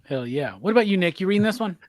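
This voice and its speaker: A man's voice: sits high, sing-song, very fast, no room sound, clean studio sound. A man hosting a live-streamed panel, casual and rambling as he hands the talk around. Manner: rambling, self-interrupting. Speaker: host.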